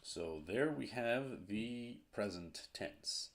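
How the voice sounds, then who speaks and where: A man teaching a grammar lesson at a board, slow and deliberate, repeating each verb form. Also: on the low side, lively intonation, vocal fry.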